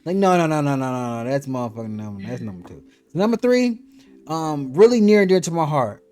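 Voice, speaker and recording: Casting: a man with an expressive, slightly high voice talking casually about shows. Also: fairly quick. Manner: lively, loose and profane. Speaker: podcast host. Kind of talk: casual chat.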